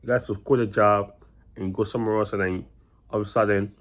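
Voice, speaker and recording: A man's voice: on the low side, steady tone, a little fast. A man talking casually to camera about his job, rambling and repeating himself with lots of filler, blunt and exasperated. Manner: rambling, repeats himself with many "you know"s. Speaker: vlogger. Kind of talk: casual monologue.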